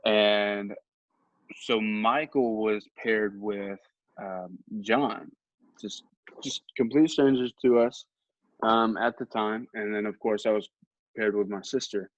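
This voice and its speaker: A man's voice: fairly low pitch, steady tone, slow pace, no room sound. A young man who hosts a podcast, casually telling a rambling, humorous anecdote at his own expense. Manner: rambling, humorous and self-mocking. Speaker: podcast host. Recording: dull lo-fi recording.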